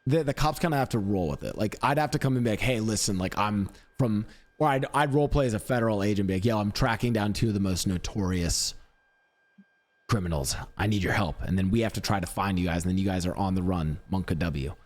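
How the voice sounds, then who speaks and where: A man's voice: on the low side, quick pace. A man streaming live, chatting casually in a rambling, upbeat, self-mocking way. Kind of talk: casual chat.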